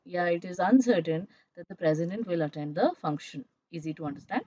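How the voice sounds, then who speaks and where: A woman's voice: mid-range voice, darkish tone, no room sound. A woman teaching a grammar lesson, explaining patiently and checking in with her students as she goes. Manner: explanatory, checks in with "all right?" and "right?". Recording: dull, slightly muffled dry recording.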